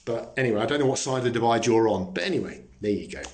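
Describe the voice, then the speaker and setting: A man's voice: medium pitch, animated, racing, darkish tone. A man hosting a live stream, chatting casually, joking and swearing as he answers viewer comments.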